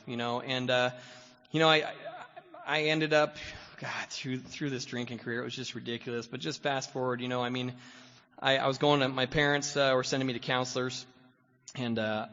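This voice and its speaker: A man telling his story as guest speaker at a recovery meeting, loose and rambling, dotting every sentence with fillers and little chuckles. His voice is bright and forward. The sound is a dull, lo-fi recording with long reverb from a meeting hall. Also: mid-range voice. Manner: rambling, full of "you know" fillers, chuckles often. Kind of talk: personal recovery testimony.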